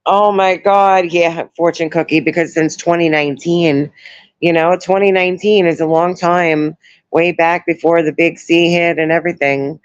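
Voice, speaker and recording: A woman in her thirties chatting on a live stream from home, sore after surgery, soft and emotional as she thanks her viewers. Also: lowish voice, flat delivery, normal speed, clear, resonant tone, no room sound. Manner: soft, emotional, greets chat viewers warmly. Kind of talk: casual live stream chat. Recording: dull lo-fi stream audio.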